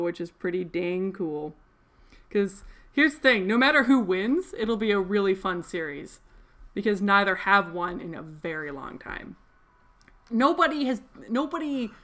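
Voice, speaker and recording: A woman's voice: mid-range voice, fairly bright tone. Chatty young Canadian woman crafting. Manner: chatty, rambling, laughs often. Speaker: crafting livestream host. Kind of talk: casual chat while sewing.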